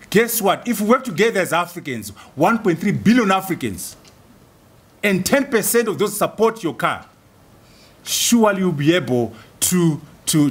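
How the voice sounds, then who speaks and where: Rousing high-voiced male lecturer. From Zimbabwe. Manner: rhetorical, rousing, repeats slogans. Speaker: guest speaker. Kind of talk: university lecture.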